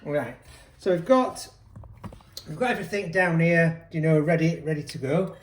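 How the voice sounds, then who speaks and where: A man's voice: a little high, normal speed. Jokey man in an echoey kitchen. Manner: chatty, jokey. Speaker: cooking vlog co-host. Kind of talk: casual cooking chat.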